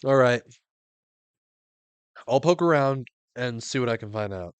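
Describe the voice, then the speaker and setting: A man voicing an earnest young defense lawyer in a game, in a low, deadpan mutter. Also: a little slow, clear, resonant tone, no echo, natural voice. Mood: resolute.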